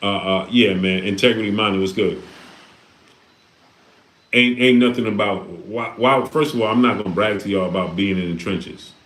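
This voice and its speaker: A man's voice: on the low side, normal speed, a bit bright. A man hosting a livestream, talking casually and preaching with repeated rhetorical questions. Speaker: live stream host reading Super Chats. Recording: echoey room.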